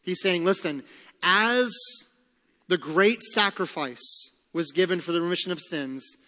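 A man's voice: high voice, a little slow, pushed and bright, long reverb tail. A man preaching a sermon as pastor, emphatic, repeating key lines and asking rhetorical questions.

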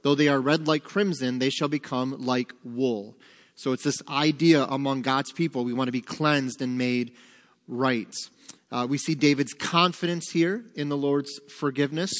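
This Bible teacher speaks at normal speed in a mid-range voice with fairly even intonation, his words filling a large hall. He leads an interactive study, putting questions to the group and supplying the answers on his own.

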